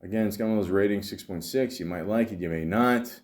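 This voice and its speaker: A podcast host with a low voice, talking casually and loosely about films. He rambles, restarts his sentences and fills the gaps with "uh" and "you know." His tone is relaxed and sprinkled with swearing. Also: fast talker. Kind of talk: casual film-talk podcast chat.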